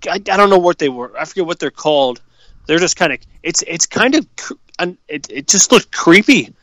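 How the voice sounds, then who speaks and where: A man's voice: on the high side, animated, fairly quick, a bit bright, no echo. A young man co-hosting a podcast, chatting in a laid-back, profane way with many hesitations. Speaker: podcast co-host. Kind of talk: casual chat.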